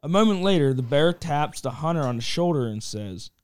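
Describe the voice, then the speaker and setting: A man's voice: on the high side, expressive, brisk, a little mellow, clear, resonant tone, no echo. A man co-hosting a podcast, reading crude jokes aloud in a loose, swearing, casual way. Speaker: podcast co-host.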